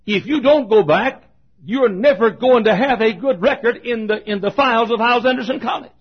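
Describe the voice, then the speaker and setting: An older man preaching a fervent sermon as pastor, swinging from shouted exhortation to low, quiet asides. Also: fairly quick, husky. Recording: dull lo-fi sermon recording.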